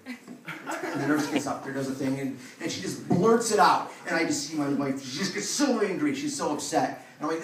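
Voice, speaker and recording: A man's voice: fairly high pitch, lively intonation, fairly quick, far from the mic. Man doing stand-up in an echoey club. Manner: loose conversational storytelling, swearing freely. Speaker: stand-up comedian. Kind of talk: stand-up set. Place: comedy club stage. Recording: echoey club, mic heard from afar. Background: audience laughter.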